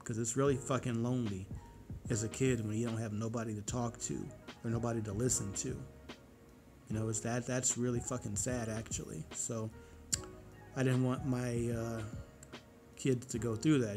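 A man's voice: mid-range voice, a little mellow. A man in his forties vlogging in a casual, rambling monologue, cursing freely and getting heated. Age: 40s.

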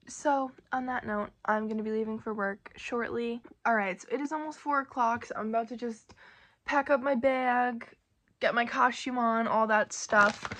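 Chatty young woman vlogging, bright voice. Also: on the high side. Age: young adult. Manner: chatty, rambling, many fillers like "like" and "um". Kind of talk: casual vlog chat.

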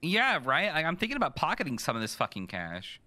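A young man playing a horror game, joking, swearing and reacting loudly in casual commentary. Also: a little high, wildly swooping pitch, a little fast. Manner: joking, profane, loud reactions. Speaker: gaming streamer. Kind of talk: casual let's-play commentary.

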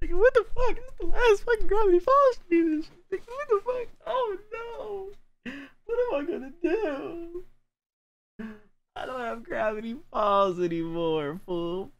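A man reacting to a cartoon episode, excitable and profane, shouting out his reactions as he watches. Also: very high-pitched, moderate pace, lo-fi sound. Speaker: reaction video host. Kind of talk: casual cartoon reaction commentary.

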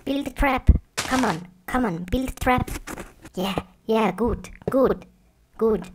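A woman voicing an eager little pig who urges the others on and repeats words excitedly. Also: on the high side, slow pace, background noise.

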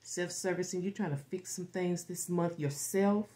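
A woman with a fairly low voice reads tarot cards for her viewers in a loose, rambling way. She swears freely and slips into whispers as she senses the reading, then picks back up. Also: normal speed. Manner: rambling, animated, swears freely, acts out quoted reactions. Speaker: tarot reader. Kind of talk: casual tarot forecast.

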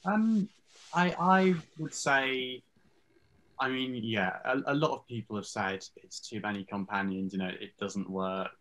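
A man's voice: mid-range voice, measured pace, fairly bright tone, poor audio. A man speaking as an interview guest, thoughtfully weighing his words in a casual chat. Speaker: online content creator guest.

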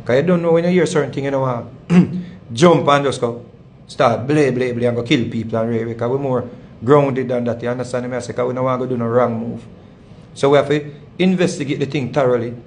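A man's voice: medium pitch, fairly even intonation, fairly quick, a little mellow, slight background noise. A man with a Jamaican accent, hosting his channel and telling a long story in a rambling, repetitive way with heavy patois phrasing. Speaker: channel host. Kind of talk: casual storytelling monologue.

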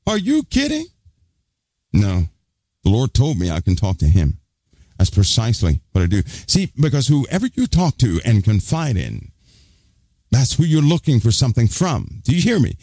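A man's voice: mid-range voice, dark tone, breathy edge, dry recording. A man preaching, firing off emphatic rhetorical questions at his listeners. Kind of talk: preaching to a congregation.

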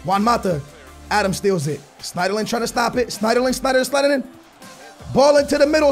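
A young man doing loud, slangy live commentary over a football video game, his voice strained from shouting. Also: very high voice, a little fast, creaky, faint music behind. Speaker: gaming YouTuber.

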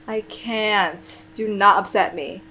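A woman's voice: mid-range voice, steady tone, takes it slowly, sharp tone, a little hiss or hum, low-quality recording. A young woman doing let's play commentary, swearing and talking emotionally to the characters on screen. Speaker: gaming YouTuber. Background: faint game music.

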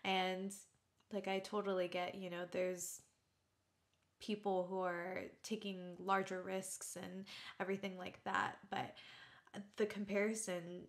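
A woman vlogger speaking to her viewers in a heartfelt, reflective way, halting at times with restarts. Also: mid-range voice, little pitch movement. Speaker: YouTuber. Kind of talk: heartfelt talk to camera.

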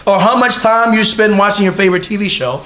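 Guy preaching in church, pretty high voice, chatty, keeps asking the crowd questions. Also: fast, a bit bright. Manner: conversational preaching with repeated rhetorical questions to the congregation. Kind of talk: sermon. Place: church hall with a congregation.

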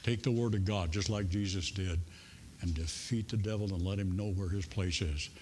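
A man preaching a sermon in a church in a folksy, humorous way, with soft music faintly behind him. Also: low voice, moderate pace, slight background noise. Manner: folksy and humorous, playing out voices in stories. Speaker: pastor. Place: church sanctuary.

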